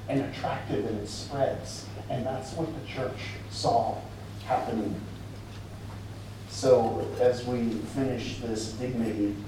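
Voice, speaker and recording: A man's voice: medium pitch, mellow, slight background noise. A man preaching a sermon in a conversational way, with casual asides to the congregation. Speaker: pastor. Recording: echoey hall, mic at a distance.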